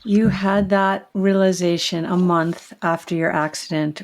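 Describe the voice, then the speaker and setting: Lady host gushing about her guest, lowish voice, trips over her words a lot. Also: steady tone, unhurried, few pauses. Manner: effusive and warm in praise, stumbling over her words. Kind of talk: casual interview.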